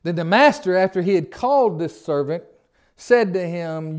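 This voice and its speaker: A man with a high voice and lively intonation teaches Bible study at a normal speed. He reads passages of scripture aloud, then poses casual, folksy questions to the group.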